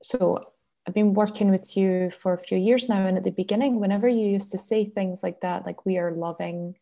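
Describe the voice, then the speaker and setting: Woman, low flat voice, warm dark tone, reflective sharing. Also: fairly quick, creaky. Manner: reflective, hesitant. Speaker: student sharing in a group. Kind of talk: personal sharing.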